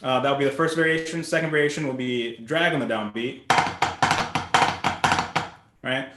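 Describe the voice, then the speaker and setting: A man teaching drumming in a casual, relaxed way, often asking "right?" as he explains patterns. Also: mid-range voice, moderate pace, roomy sound, heavy background noise. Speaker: drum instructor. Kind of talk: casual instructional talk.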